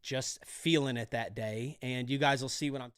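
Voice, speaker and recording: A man coaching electricians for their exam, energetic and pep-talking, repeating key phrases. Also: mid-range voice, normal speed, clean tone. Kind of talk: motivational trade lesson.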